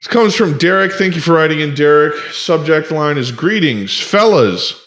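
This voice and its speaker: A man's voice: a little high, brisk. A man co-hosting a casual podcast, telling stories in a loose, profane way and acting out lines as he goes. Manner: animated, profane storyteller who acts out quotes. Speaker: podcast co-host.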